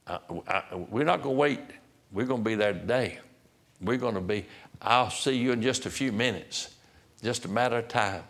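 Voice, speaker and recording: A man preaching a sermon as pastor, swinging from loud emphatic peaks to hushed, slow drops. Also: fairly low pitch.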